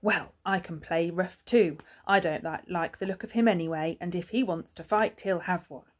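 A woman voicing a gruff, blustering father hedgehog in a storybook. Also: fairly low pitch, moderate pace, close to an everyday voice.

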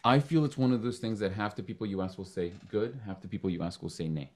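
A man's voice: lowish voice, fast talker. A man hosting a podcast in a casual, joking chat who swears freely. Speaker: podcast host.

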